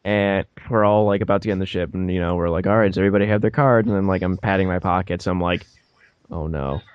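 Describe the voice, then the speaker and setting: A man's voice: low-pitched, fast talker, clean tone, no room sound, lo-fi sound. A young man on a podcast, telling a story casually and laughing as he acts out the people in it. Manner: animated, laughs mid-story, acts out voices. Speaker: podcast co-host.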